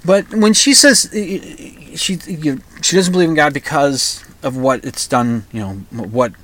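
Rambling, halting man from the upper Midwest. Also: on the high side, a bit bright. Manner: rambling, halting, many restarts. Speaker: podcast host. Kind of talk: casual monologue.

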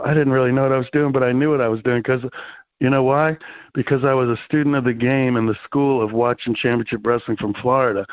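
A man's voice: medium pitch, no room sound. Middle-aged guy rambling thru old stories, lots of you-knows, slightly muffled dry recording. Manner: rambling, laid-back, full of fillers and slang. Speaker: interview guest, former wrestling promoter. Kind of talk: casual storytelling interview. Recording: slightly dull, dry lo-fi sound.

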